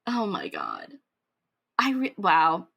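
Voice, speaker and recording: A woman's voice: fairly low pitch, wildly swooping pitch, slow, vocal fry, sharp tone, slightly rough. A young woman co-hosting a podcast, chatting casually with lots of fillers, restarts and giggles. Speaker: podcast co-host. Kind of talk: casual chat.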